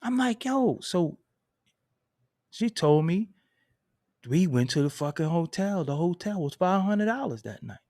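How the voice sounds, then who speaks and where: A man's voice: sits high, big pitch swings, unhurried, pauses often, a little mellow, no room sound, clean studio sound. A man telling a story in a casual, profane and emphatic way, laughing between lines.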